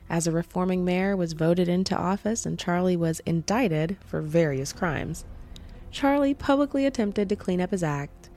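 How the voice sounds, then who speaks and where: Low, mellow-voiced woman narrating true crime. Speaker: podcast host.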